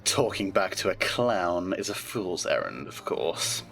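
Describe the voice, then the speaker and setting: Man voicing a haughty male prosecutor, pompous, sneering, low-key delivery, background music. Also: sing-song, measured pace, vocal fry, a bit bright, full character voice. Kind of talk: reading game dialogue aloud.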